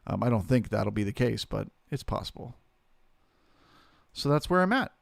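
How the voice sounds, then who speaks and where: Male trading-stream host, gravelly mid-pitched voice, dry close sound, easygoing live commentary. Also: moderate pace, dry recording. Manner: relaxed, chatty, greets viewers by name.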